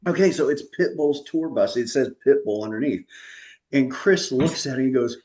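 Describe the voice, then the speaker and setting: Male stand-up comic, middle pitch, chatty storyteller who laughs at his own punchlines. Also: expressive, moderate pace, darkish tone. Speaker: stand-up comedian. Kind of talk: stand-up storytelling on a video call.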